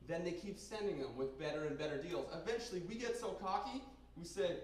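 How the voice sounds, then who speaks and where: A young man from Canada doing a crude, rambling stand-up set in a basement bar, with sudden loud outbursts. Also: on the high side, animated, brisk, hardly any pauses, a little hiss or hum. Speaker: stand-up comedian. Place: basement bar comedy night. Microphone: handheld stage mic recorded by a camera in the room. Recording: very echoey basement room, heard from a distance.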